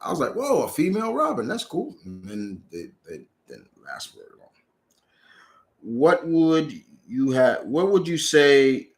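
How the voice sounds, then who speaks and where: A man hosting a casual live Q&A, rambling through viewer questions and correcting himself mid-sentence. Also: mid-range voice. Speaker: host answering viewer questions.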